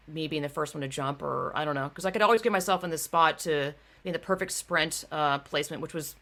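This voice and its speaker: Bright-voiced woman ranting with profanity. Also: sits low, quick pace. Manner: blunt, profane, swings into outraged rants. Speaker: host. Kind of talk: casual podcast chat.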